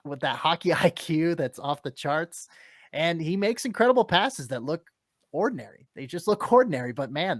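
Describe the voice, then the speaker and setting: A podcast co-host giving hockey analysis in an excitable way, laughing and getting flustered when excited. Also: medium pitch, no echo, studio quality.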